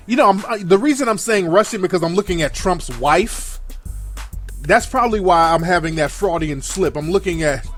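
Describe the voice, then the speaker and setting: Blunt, profane man hosting a rant. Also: on the high side. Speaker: show host taking calls and chat. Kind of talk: casual live commentary.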